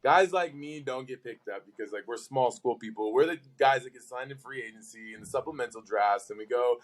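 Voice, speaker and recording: A man in his twenties, a pro football player on as a guest, tells stories in a casual, animated way, full of "like" and "you know.". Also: medium pitch, fairly quick. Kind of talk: casual storytelling.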